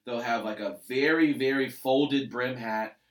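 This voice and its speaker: A man's voice: mid-range voice, measured pace, a bit bright, distant mic. A male comedian from Los Angeles, telling stories in a rambling, profane way with lots of fillers and restarts. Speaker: comedian guest. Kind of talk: casual storytelling chat. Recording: roomy sound, off-mic.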